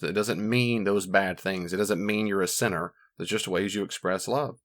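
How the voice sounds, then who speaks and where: A man speaking as a marriage counselor in a casual teaching talk, animated and acting out voices of the people he quotes. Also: sits low, normal speed.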